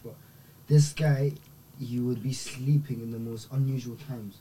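A man's voice: mid-range voice, normal speed, dark tone, a little hiss or hum, low-quality recording. A man chatting casually as a guest, telling a laid-back rambling story. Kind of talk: casual chat.

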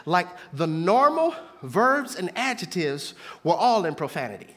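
A man in his thirties preaching a sermon as pastor, swinging between hushed asides and shouted points with the congregation. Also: sits high, sing-song, unhurried, few pauses.

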